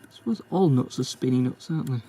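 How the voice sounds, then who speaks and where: A man's voice: medium pitch, quick pace, mellow, a little hiss or hum. A man restoring a car, chatting and muttering to himself as he works, self-deprecating and casual. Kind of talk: casual narration while working on a car.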